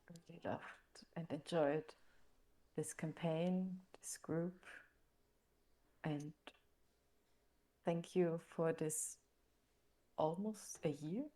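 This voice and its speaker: Slow, low-voiced woman giving thanks. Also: dark tone. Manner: hesitant, heartfelt thanks. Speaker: player. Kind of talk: casual farewell on a game stream.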